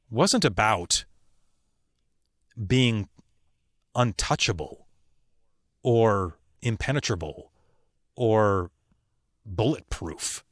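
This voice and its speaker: A man who works as a voice actor, telling personal stories as a podcast guest in an earnest, emphatic way with slow, weighty pauses. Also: fairly low pitch, dry recording, studio quality. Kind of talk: reflective interview storytelling.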